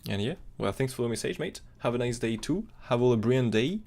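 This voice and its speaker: Fast-talking gravelly male crypto streamer. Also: mid-range voice, animated, darkish tone. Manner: fast, rambling, non-native phrasing with fillers. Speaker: crypto chart analyst streamer. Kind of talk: live-stream technical analysis chat.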